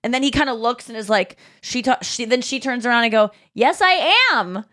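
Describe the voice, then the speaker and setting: A woman in her thirties telling stories on a podcast in a fairly high voice. She talks in casual, animated bursts and slips into quoted voices as she goes. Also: fast talker. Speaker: podcast host. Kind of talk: casual chat.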